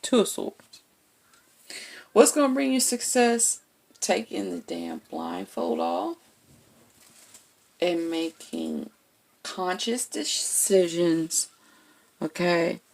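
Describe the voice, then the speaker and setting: Gravelly-voiced woman reading tarot. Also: lowish voice, big pitch swings, slow, long pauses, a little mellow. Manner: chatty, blunt, keeps checking in with "okay?". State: has the hiccups. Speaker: tarot reader. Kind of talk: casual tarot reading to camera.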